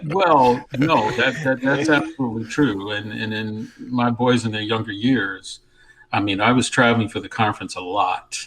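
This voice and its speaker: A man's voice: lowish voice, normal speed, fairly bright tone, low-quality recording. A man answering on a podcast panel, conversational and often restarting his sentences. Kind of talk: casual panel discussion.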